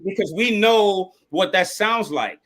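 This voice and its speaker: A man who is an actor tells stories as a guest in a casual chat, animatedly acting out the quotes. His voice is high and unhurried.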